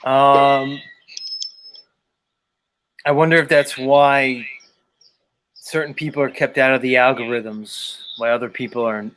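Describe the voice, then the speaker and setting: A man's voice: medium pitch, steady tone, takes it slowly, long pauses, a bit bright, a little hiss or hum. A man hosting a livestream show, chatting loosely with guests and the chat, swearing freely. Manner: loose and profane, talks to the chat. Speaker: livestream host.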